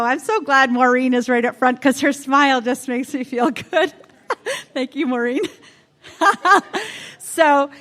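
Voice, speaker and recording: Bubbly woman podcast host, high voice, warming up a live audience on a handheld mic. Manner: bubbly, laughs often. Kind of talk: live event speech. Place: event room with live audience. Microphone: handheld microphone.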